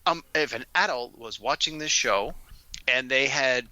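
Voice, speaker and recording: A man's voice: mid-range voice, unhurried, pushed and bright, no echo, poor audio. A man co-hosting a podcast, chatting with a dry, wry skeptical manner. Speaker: podcast co-host. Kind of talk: casual chat.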